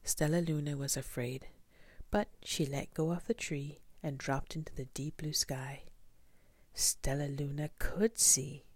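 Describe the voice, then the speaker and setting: A woman reading a children's storybook aloud, gentle, often breathy or whispered. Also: deep voice, no room sound.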